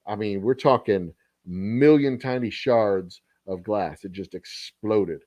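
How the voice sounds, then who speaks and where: A man's voice: on the low side, slow pace, dark tone, dry recording. A man hosting a casual livestream, telling a rambling, profane story with frequent chuckles. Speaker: distillery host.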